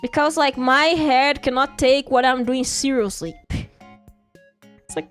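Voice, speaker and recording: A woman's voice: high-pitched, steady tone, unhurried, faint music behind. A woman streaming live while drawing, chatting casually and playfully, giggling and repeating phrases to herself.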